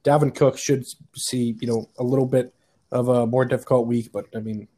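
A man's voice: medium pitch, fairly even intonation, normal speed, mellow, slightly rough. A man co-hosting a casual fantasy football podcast, teasing the others with dry sarcasm. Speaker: fantasy league co-host.

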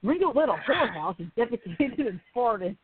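A giggly woman reads a silly word game aloud on a casual podcast. Her voice swings lively up and down. The sound is thin and tinny, like a phone line. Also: a little high, brisk, crowd noise. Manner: giggles often while reading. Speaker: co-host.

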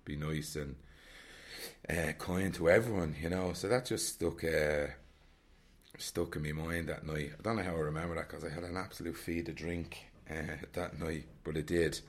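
This solo-travel vlogger from Dublin, Ireland, has a deep rumbling voice and a Dublin Irish accent, speaking at normal speed in a steady tone. He muses candidly about travelling alone, wandering off track and saying the same phrases again.

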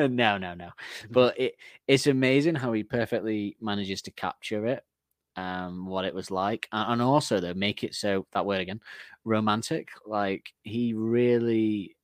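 A lower-pitched man co-hosting a casual music podcast, talking in long rambling stretches with frequent laughs. He comes across as self-deprecating. The sound is close and dry. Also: unhurried, no room sound. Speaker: podcast co-host.

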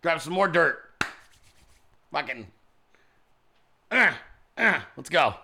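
A man's voice: on the high side, big pitch swings, slow, vocal fry, pushed and bright, slight background noise. A man hosting a political commentary show, talking in a brash, swaggering, profane monologue. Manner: brash, swaggering, heavy swearing.

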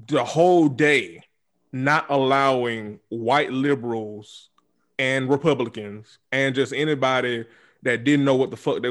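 A man's voice: mid-range voice, a bit bright. A man hosting a podcast, speaking in a heated, profane, repetitive casual rant. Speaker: podcast host. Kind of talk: casual chat.

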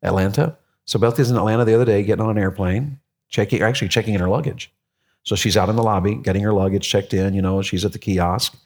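A man preaching a sermon as pastor, animated and jokey, with many restarts. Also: lowish voice, fast talker.

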